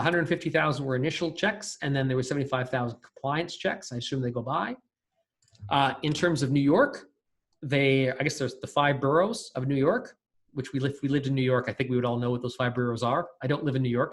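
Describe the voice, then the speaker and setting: A man's voice: medium pitch, fairly quick. A man teaching a recorded programming class, talking casually and thinking aloud with fillers and restarts. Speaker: lecturer. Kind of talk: recorded coding lecture.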